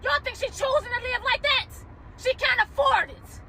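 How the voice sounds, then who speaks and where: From her car, a woman reacting to a viral video rants to camera, heated, profane, and close to tears. Her very high voice is gravelly and at normal speed, with background noise behind it.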